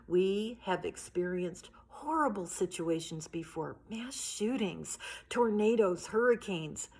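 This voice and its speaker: Earnest middle-aged woman talking to teachers from home, voice sits a bit low. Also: breathy edge. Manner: earnest, heartfelt, storytelling. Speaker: union leader addressing teachers. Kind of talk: recorded video address.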